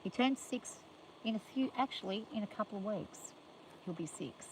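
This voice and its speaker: An older woman livestreams outdoors from her farm, chatting and rambling with viewers and playfully scolding her animals. Her medium-pitched voice has lively intonation at a normal speed. The recording is low quality, with slight background noise.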